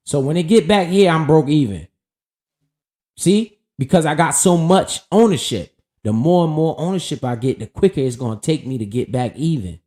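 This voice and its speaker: A man's voice: a little high, animated, moderate pace, warm tone. Profane hyped man talking stocks. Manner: profane, hyped, talks straight to viewers. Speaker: stock market streamer. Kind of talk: casual market commentary.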